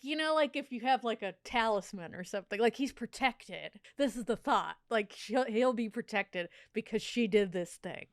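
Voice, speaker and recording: A woman co-hosting a podcast casually tells a true crime story in a playful, animated way, laughing often and trying out a silly accent. Her voice is on the high side, at normal speed with few pauses and no room sound.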